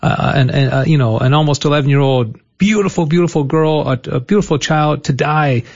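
Halting male interview host. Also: a little high, darkish tone, highs cut off. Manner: halting questions with many restarts. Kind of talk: conversational interview.

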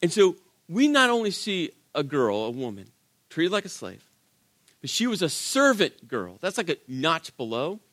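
Animated high-voiced male preacher. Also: normal speed. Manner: animated storytelling, acts out quotes, rhetorical questions. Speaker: pastor. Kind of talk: sermon.

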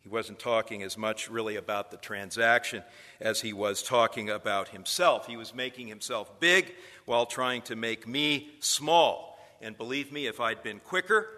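A man's voice: mid-range voice, normal speed, sharp tone, big-room sound. A man lecturing future preachers in a sermon style, telling stories and building to emphatic points.

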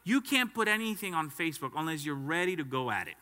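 A man's voice: fairly high pitch, expressive, fast talker, bright, forceful tone. Male pastor, emphatic sermon delivery, call-and-response, piercing tone. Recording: long hall reverb.

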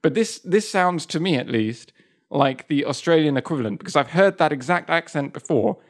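A man co-hosting a podcast in casual chat, talkative and quick to laugh and tease. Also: a little high, expressive. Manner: chatty, laughs easily, teasing. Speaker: podcast co-host.

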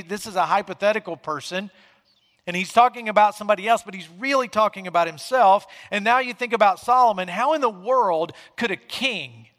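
A man's voice: high voice, pushed and bright, long reverb tail. A male pastor giving a conversational sermon, acting out quoted questions with rising and falling volume in a church sanctuary.

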